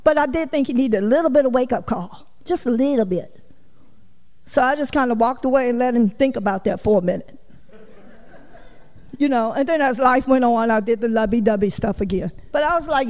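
A woman's voice: a little high, a little fast, darkish tone, in a large hall. A woman preaching a folksy, conversational sermon, acting out quotes and laughing often. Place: church sanctuary.

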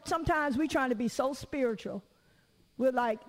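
A woman's voice: high-pitched, moderate pace, in a large hall. A middle-aged woman preacher giving a conversational sermon, telling stories, acting out what people said and adding joking asides. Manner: storytelling, acts out quoted voices, joking asides.

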